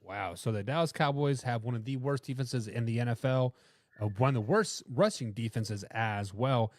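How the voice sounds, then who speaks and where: A man's voice: mid-range voice, moderate pace, dry recording, clean studio sound. A man with a Boston accent hosting a casual sports talk show, joking and stumbling over words as he sets up each game. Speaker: show host.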